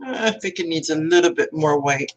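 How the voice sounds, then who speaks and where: A woman's voice: deep voice, normal speed, faint music behind. A woman co-hosting a casual crafting livestream, rambling and joking about her painting mess. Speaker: co-host crafter.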